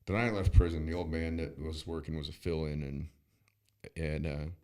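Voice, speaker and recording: A man's voice: very deep voice, normal speed, clear, resonant tone. A man telling a personal story in casual chat, blunt and profane, getting heated as he goes. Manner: blunt and profane, with frequent restarts; animated and heated when angry.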